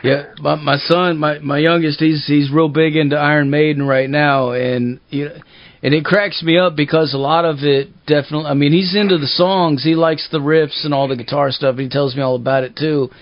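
A man in his forties hosting an interview, chatting in a relaxed and agreeable way and swearing freely. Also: fairly high pitch, brisk, no echo, muffled recording. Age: 40s. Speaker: show host. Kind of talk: casual interview chat.

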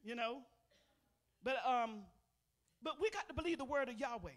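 A woman's voice: a little high, expressive, moderate pace. Folksy older woman preaching testimony. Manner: folksy, calls out to the congregation; swings between loud emphatic bursts and soft murmurs. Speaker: pastor. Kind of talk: testimony sermon. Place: church sanctuary.

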